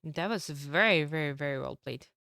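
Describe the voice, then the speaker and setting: A woman with a lowish, smooth but hoarse voice calls a strategy game match. She sounds sick and keeps her energy down, pausing on fillers. The sound is dry and close to the mic. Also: pushed and bright, dry recording. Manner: low-energy, with throat-clearing and fillers. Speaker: tournament caster. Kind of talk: game commentary.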